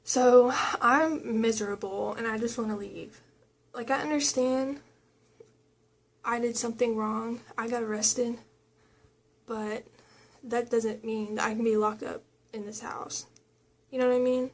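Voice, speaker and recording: Young woman vlogger, kinda high voice, rambly storytime chat w lots of "like". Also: steady tone, a little slow, pauses often. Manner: rambling, filler-heavy retelling with quoted dialogue.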